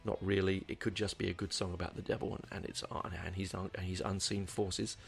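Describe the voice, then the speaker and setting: A man's voice: low-pitched, little pitch movement, a little fast, vocal fry, husky. A man giving a casual album review, rambling and hesitant, with lots of ums and restarts. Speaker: music reviewer.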